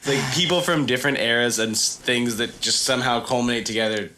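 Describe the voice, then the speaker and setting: A man co-hosting a podcast, improvising a comic story in a playful, quick way. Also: medium pitch, bright, forceful tone, a little hiss or hum. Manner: playful, quick, laughs often. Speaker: podcast co-host.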